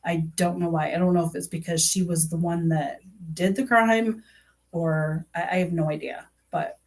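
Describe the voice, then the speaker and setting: For her true crime vlog, a middle-aged woman speaks to camera at normal speed in a low-side, darkish voice with fairly even intonation. Her casual talk is earnest and aggrieved, rambling through fillers and restarts.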